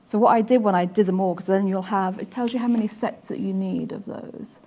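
A woman's voice: medium pitch, steady tone, fairly quick, warm tone. Woman, quilting demonstrator, chatty, explains as she sews, sewing machine behind. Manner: chatty, self-deprecating, explains while sewing. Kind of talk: casual demonstration chat.

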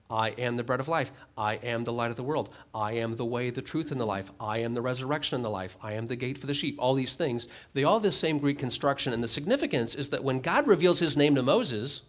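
A man's voice: medium pitch, a bit bright. A middle-aged man preaching a sermon as a pastor, reading scripture aloud and then explaining it conversationally with light humor.

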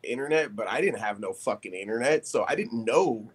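A man, a podcast guest, telling a story in casual chat, animated and profane, laughing as he talks. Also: mid-range voice, a little fast, husky.

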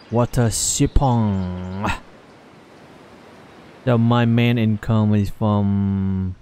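A man giving halting, rambling commentary while playing a game, with many fillers. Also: on the low side, vocal fry, dark tone. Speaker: let's play host. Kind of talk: casual gameplay commentary.

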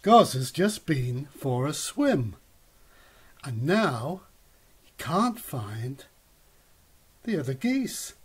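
A man reading a picture book aloud to a child in a slow, animated storytelling manner. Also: a little high, breathy edge. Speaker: reader.

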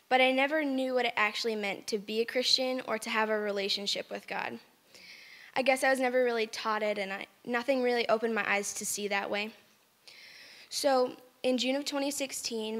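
A woman's voice: on the high side, fairly even intonation, moderate pace, fairly bright tone. Teen girl, personal testimony, earnest and plain, long hall reverb. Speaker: student giving a testimony.

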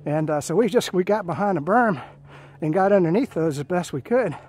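Out on a hiking trail, a Marine veteran in his fifties casually recounts his own stories into a handheld phone, rambling with fillers and restarts. He sounds high-pitched, a little fast and a little mellow, with lively intonation and a slight hiss or hum.

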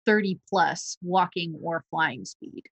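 A woman's voice: on the low side, slow pace, slightly rough, no room sound. A woman narrating as game master in an online tabletop game, with dry, wry asides.

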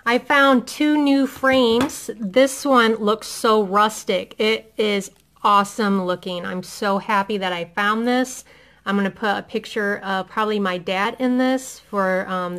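A middle-aged haul vlogger from Indiana, USA, with a medium-pitched, slightly bright voice, chats eagerly about her purchases at home. She says "um" frequently.

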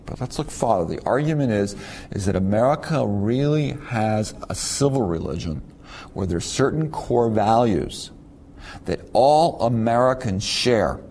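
A man's voice: medium pitch, lively intonation, unhurried, darkish tone. A middle-aged man giving a conversational university lecture, asking rhetorical questions and stumbling over repeated words. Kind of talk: recorded lecture to students.

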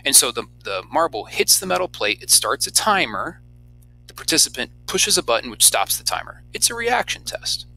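A man teaching a recorded lecture in a lively, conversational way, often checking in with rhetorical questions. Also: mid-range voice, moderate pace, creaky, a little hiss or hum, low-quality recording.

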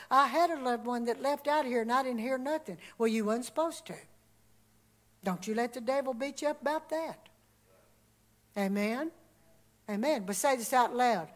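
Woman, high-pitched, emphatic preaching, loud calls and quiet asides. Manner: emphatic with wide swings between loud exclamations and hushed asides. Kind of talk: sermon.

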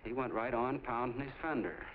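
An actor playing a friendly small-town soda jerk who rambles on in a folksy, chatty way, on a tinny 1940s film soundtrack with faint hiss. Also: male voice, medium pitch, normal speed, natural voice. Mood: eager.

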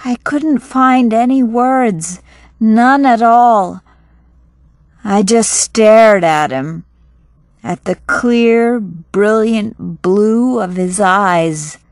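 A woman narrating a first-person novel as an audiobook in a calm, measured way. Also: fairly high pitch, no echo, studio quality.

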